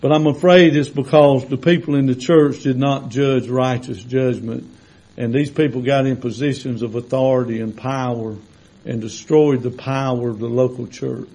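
A man preaching a sermon to his congregation in a folksy, conversational way, swelling to loud, drawn-out emphasis when he reads scripture. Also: medium pitch, steady tone, low-quality recording. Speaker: pastor. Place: church sanctuary with congregation.

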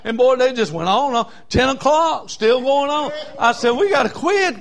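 A man preaching a sermon in a voice that sits high for a man. He tells folksy stories, building from soft asides to full shouts. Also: measured pace, vocal fry.

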